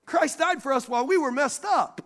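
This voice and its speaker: A pastor with an extremely high-pitched voice preaches fairly quickly and animatedly, calling out questions to the congregation in call-and-response and laughing at his own stories.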